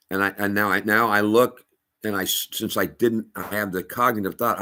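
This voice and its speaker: A middle-aged man telling a personal story as testimony, halting and emphatic with many restarts. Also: on the low side, fairly even intonation, pushed and bright. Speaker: storyteller addressing a rabbi.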